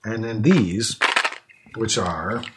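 Speaking extremely slowly in a low voice, a man hosts a casual snack-tasting podcast, musing out loud with fillers as he eats. Background noise is audible.

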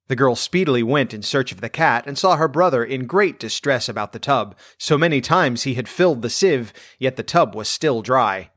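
A man reading a fairy tale aloud in a gentle, measured storytelling manner. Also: medium pitch, expressive, no room sound, studio quality.

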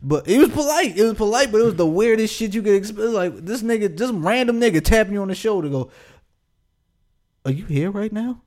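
Young guy, podcast co-host, lively storyteller, swoops up and down, slightly high. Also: fast talker, few pauses. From Pasadena area, California. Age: 20s. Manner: animated, profane, laughing storyteller. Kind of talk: casual storytelling chat.

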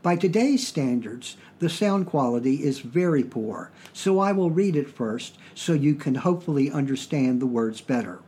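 Husky Southern man hosting a podcast. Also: mid-range voice, expressive, normal speed, few pauses, mellow. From Virginia, US. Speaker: podcast host. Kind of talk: explanatory podcast talk.

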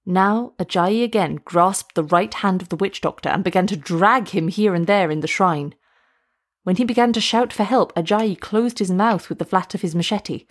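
Woman reading a story aloud. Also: mid-range voice. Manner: steady, measured storytelling. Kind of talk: read-aloud story narration.

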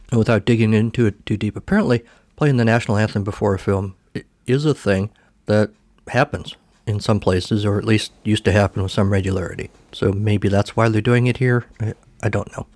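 A man's voice: fairly low pitch, a little mellow, dry recording. A man hosting a podcast, recapping a film casually in a rambling, self-correcting way. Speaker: podcast host.

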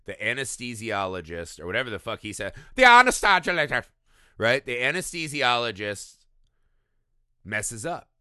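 Bright, animated man talking film. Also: fairly low pitch, moderate pace, clean tone, no echo, studio quality. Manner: animated, profane, laughs often. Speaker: podcast co-host. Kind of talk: casual film discussion.

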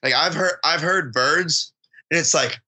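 A man co-hosting a casual hunting chat, rambling and animated, acting out what he said to himself along the way. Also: on the high side, unhurried, slightly rough, rough recording. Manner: rambling, animated, acts out quotes. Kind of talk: casual chat about duck calling.

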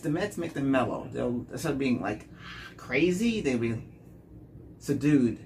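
At a normal speed and medium pitch, a dating vlogger recounts his romantic mishaps in a loose monologue, repeating words and perking up when he quotes people. A little hiss or hum sits under the recording.

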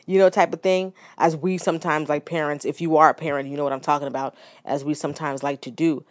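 A woman in her thirties talks through a personal story on her podcast, candid and reflective, doubling back with restarts and little asides. Her voice sits low, and the recording is close and dry, with no room sound. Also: fast talker, no room sound. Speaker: podcast host.

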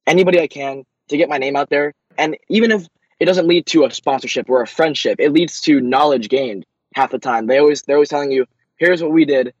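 A young man, a racing driver, answering interview questions eagerly, with many quick restarts. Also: fairly high pitch, dry recording, lo-fi sound.

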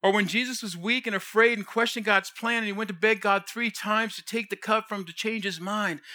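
A man's voice: high-pitched, sharp tone. A man preaching a sermon, retelling scripture in casual modern speech and briefly acting out the voices of the people in it. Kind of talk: storytelling sermon.

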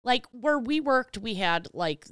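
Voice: medium pitch, unhurried, smooth, no room sound, clean studio sound. A podcast co-host telling a work story in casual chat, acting out each exchange and venting with casual swearing. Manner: animated storyteller, acts out dialogue.

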